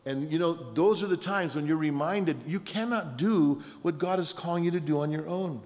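A middle-aged man preaches, his voice sitting a little high for a man. He tells stories with lively bursts and shouted punchlines. A long hall reverb trails behind his words. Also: a little fast. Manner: storytelling, animated with shouted punchlines. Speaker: pastor. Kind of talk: sermon. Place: large conference hall.

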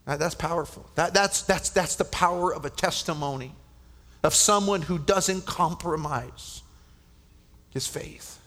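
A man preaching a sermon at a men's conference, impassioned, often stammering and restarting, and dropping to a hushed whisper for effect. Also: a little high, measured pace. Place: large conference hall. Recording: long reverb of a large hall.

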